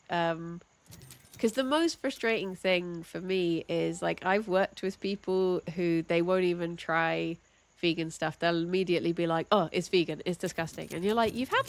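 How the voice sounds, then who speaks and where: A woman's voice: medium pitch, a bit bright, a little hiss or hum. A young woman chatting casually while streaming a game, full of "like"s and frequent laughs. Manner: chatty, many "like"s, laughs often.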